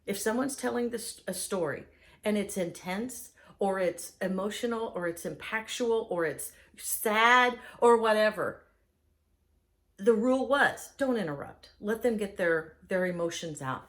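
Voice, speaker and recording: Enthusiastic woman, lively bouncing pitch. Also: unhurried. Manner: enthusiastic, animated storytelling. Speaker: host. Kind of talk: casual chat.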